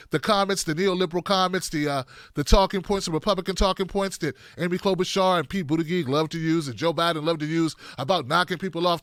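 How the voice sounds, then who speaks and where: A man hosting a livestream of political commentary, animated and talking straight to his viewers, sometimes putting on mocking voices. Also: high-pitched, no echo, clean studio sound.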